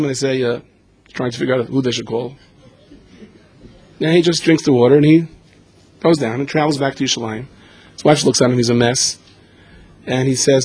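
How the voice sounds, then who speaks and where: A man giving a storytelling sermon, animated and acting out the voices in his tales. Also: medium pitch, fast talker, pauses often, slightly rough. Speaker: speaker.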